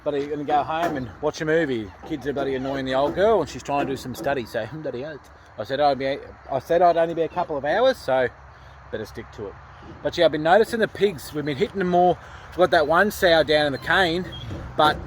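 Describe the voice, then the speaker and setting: A man's voice: fairly high pitch, a little hiss or hum. An Australian man chatting casually about a pig hunt on a farm at night, rambling and laughing at himself. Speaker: pig hunter. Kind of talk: casual vlog chat.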